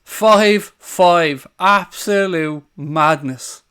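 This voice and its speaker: A man hosts a live football watchalong stream. His voice sits high, bright and clear. He talks excitably, swearing freely and shouting over the big moments. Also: very slow. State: out of breath. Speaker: watchalong host.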